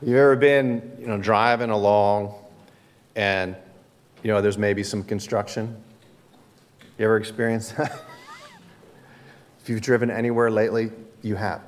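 A male pastor delivering a sermon at an unhurried pace. He talks conversationally and leans on key words for emphasis. His voice carries a long reverb, as in a large hall. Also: fairly low pitch, steady tone. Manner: conversational preaching with dramatic emphasis.

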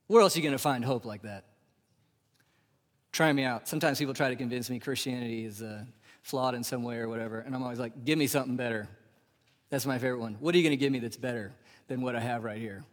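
A man in his thirties preaching a sermon. He swings from loud, rising emphasis to hushed, drawn-out near-whispers. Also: mid-range voice. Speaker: pastor. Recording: live sermon with long hall reverb.

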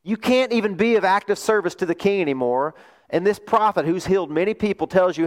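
Guy pastor preaching, storyteller mode, keeps asking the crowd questions, bit high pitched. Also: brisk. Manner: animated storytelling, rhetorical questions. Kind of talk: sermon.

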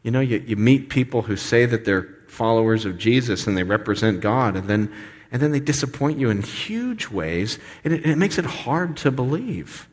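Animated man preaching in a reverberant hall. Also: medium pitch, moderate pace. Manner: conversational, animated, acts out voices. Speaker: pastor. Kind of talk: sermon.

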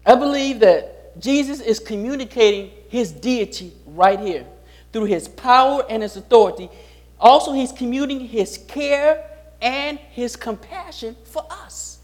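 A man's voice: very high voice, measured pace, darkish tone. A pastor preaching a sermon, repeating his key lines and putting rhetorical questions to the congregation.

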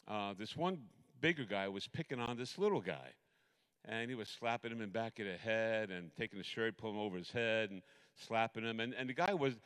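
A middle-aged man preaching a sermon, telling a personal story in a rambling, animated way with many restarts. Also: medium pitch, clear, resonant tone.

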